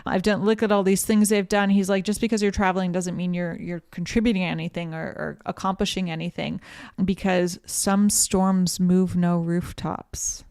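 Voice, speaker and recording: A woman's voice: mid-range voice, little pitch movement, fast, vocal fry, hardly any pauses, a little mellow, no room sound, studio quality. A woman co-hosting a casual book club podcast, retelling the plot and briefly voicing the characters' lines. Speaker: podcast co-host summarizing a book. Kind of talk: casual chat.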